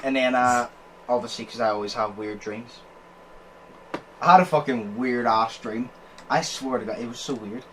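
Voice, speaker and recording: A young man chats casually on his podcast, spinning an everyday story. He swears freely and keeps laughing between lines. His voice sits at an ordinary middle pitch, with faint noise behind him. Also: steady tone, moderate pace, pauses often, fairly bright tone. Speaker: podcast host. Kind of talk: casual chat.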